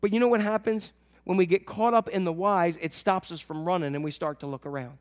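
A man preaching a sermon to his church, swinging between loud emphatic lines and soft, low asides. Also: steady tone, a little fast. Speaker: pastor.

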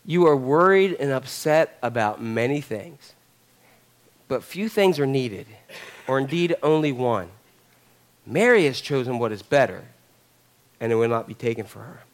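A man preacher voicing a calm male teacher who softly soothes a worried woman. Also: medium pitch, voice pushed down. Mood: gentle. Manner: soft, slow and soothing.

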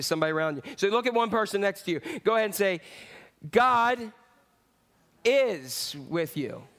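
High-voiced man preaching a lively sermon. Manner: lively preaching with swings from loud to hushed. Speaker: pastor.

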